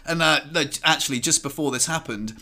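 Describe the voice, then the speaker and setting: Bright-voiced man telling a story. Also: on the high side, a little fast. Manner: animated storyteller acting out quotes. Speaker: podcast co-host. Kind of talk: casual anecdote chat.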